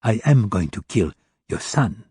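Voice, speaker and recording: A man's voice: on the low side, big pitch swings, a little slow, dark tone, husky, no echo, studio quality, exaggerated voice. A man voicing a cruel, mocking militant leader who makes cold threats, in an audiobook reading. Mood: menacing. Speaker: captor.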